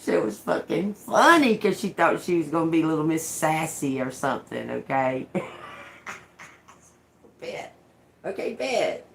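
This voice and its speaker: A woman's voice: low voice, animated, measured pace, creaky, long pauses, slight background noise. A middle-aged woman telling a story in casual chat, swearing freely and breaking into laughter. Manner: profane, laughs often while telling. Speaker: tarot reader and channel host.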